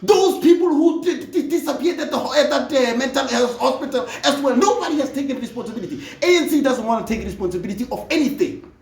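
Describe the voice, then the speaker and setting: A speaker from Africa, delivering an impassioned political monologue that often rises to a shout. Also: high voice, expressive, fast, reverberant, far from the mic. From South Africa. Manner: fervent, often rising to a shout.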